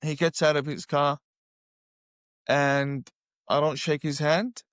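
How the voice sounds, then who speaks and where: A man's voice: a little high, level tone, slow pace, fairly bright tone, clean tone, no echo, clean studio sound. A middle-aged man, telling a personal story with emphasis and acting out what he once said. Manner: emphatic, acts out his own past words. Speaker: guest telling his conversion story.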